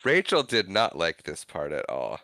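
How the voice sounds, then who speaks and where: A man's voice: sits low, wildly swooping pitch, normal speed, gravelly, sharp tone, no room sound. A man co-hosting a podcast, chiming in with short questions and dry remarks in casual film talk. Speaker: podcast co-host.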